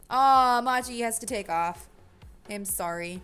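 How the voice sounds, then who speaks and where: A young woman chatting casually while building a game on a livestream, talking to her chat, often correcting herself and brightening with sudden excitement. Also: medium pitch, unhurried, clean tone, faint music behind. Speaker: game dev streamer.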